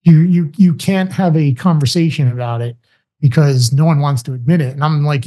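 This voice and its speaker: A man guest on a podcast telling stories in a casual, animated way, acting out what people say. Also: a little high, fairly quick. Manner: animated storyteller, acts out quoted voices. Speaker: podcast guest, business founder. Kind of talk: casual interview talk.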